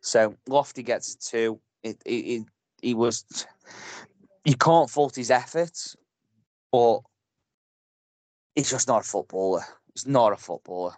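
Man, mid pitch, blunt fan-pundit who swears, dry close sound. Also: unhurried, pauses often, a little mellow, no echo. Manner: blunt, passionate, swears freely. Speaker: podcast co-host. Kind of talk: casual football podcast chat.

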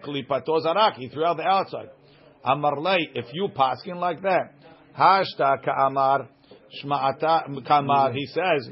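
A man teaching a Talmud class, reading each phrase of the text and then explaining it line by line. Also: on the high side. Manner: reads Aramaic text then translates it line by line. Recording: dull lo-fi recording.

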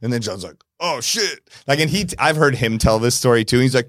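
A man's voice: fairly quick, no echo. Guy on a podcast doing all the voices in his story, dry close sound. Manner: animated storyteller, acts out quotes with jumps in pitch. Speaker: DJ and producer guest. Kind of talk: casual podcast interview storytelling.

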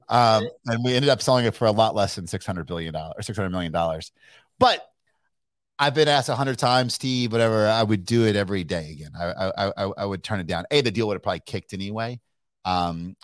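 A middle-aged man from Kentucky, a guest telling a business story in a casual, animated way with plenty of swearing, laughter and restarts. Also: lowish voice, no room sound, clean studio sound. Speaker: guest entrepreneur.

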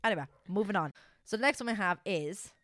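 A woman in her twenties with an Irish accent, co-hosting a podcast in animated, casual chat full of swearing. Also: medium pitch, quick pace, dry recording, studio quality. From Ireland. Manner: animated and swearing, says "lads" a lot. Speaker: podcast co-host.

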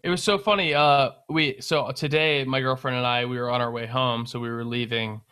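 A young man casually telling a long story on a podcast, animated, swearing and laughing as he goes. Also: mid-range voice, brisk, clear, resonant tone, no room sound. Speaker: podcast co-host.

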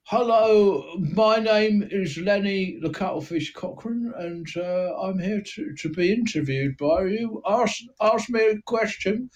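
A man's voice: high voice, measured pace, few pauses, voice pushed up. A man voicing a small, boastful East End gangster in a put-on Cockney accent, rambling as he plugs himself. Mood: cheery. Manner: chatty, rambling self-promotion. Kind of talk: improvised comedy role-play.

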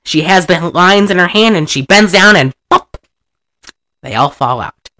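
A man retells an old movie with gleeful, profane energy, breaking into laughter and quick impressions of the characters. His voice swoops widely and has a bright, forceful edge. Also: sits high. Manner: animated, profane, laughs often, acts out lines. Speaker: movie recapper. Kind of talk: casual retelling of a film.

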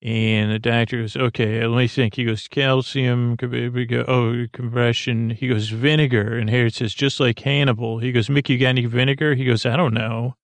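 Gravelly man rambling through a recap. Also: medium pitch, little pitch movement, no echo. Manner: halting, many fillers and restarts. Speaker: podcast host retelling an episode.

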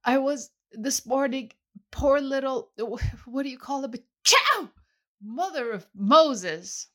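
A man's voice: very high-pitched, slow, fairly bright tone, pitched above the performer's own voice, full character voice. A woman reader voicing a jovial, boisterous man who keeps exclaiming and sneezing.

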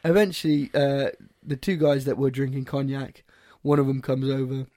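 A British co-host spins a rowdy festival anecdote in casual podcast chat. The delivery is animated and profane, with quoted people acted out in sudden high voices over an otherwise middling pitch. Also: moderate pace.

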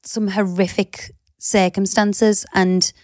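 A woman's voice: medium pitch, flat delivery, slow, a little mellow, no room sound, clean studio sound. A woman in her thirties with a Liverpool accent, co-hosting a podcast in a chatty, teasing way, full of "you know" and "like". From Liverpool, England. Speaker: podcast co-host. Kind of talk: casual chat.

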